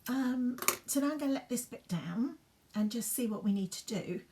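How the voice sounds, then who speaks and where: A chatty beauty vlogger in her fifties, her expressive voice slightly high and moderately paced, rambles to the camera while doing her hair at home for a get-ready-with-me vlog. She keeps slipping into soft, half-whispered asides, and a faint hiss runs through the home recording.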